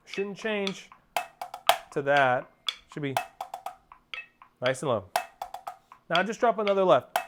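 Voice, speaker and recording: A man's voice: a little high, animated, slow pace, long pauses, over music. Man coaching drum rudiments. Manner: coaching, counts off and sings rhythms as syllables. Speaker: percussion teacher. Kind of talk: instructional drum lesson. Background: percussion playing.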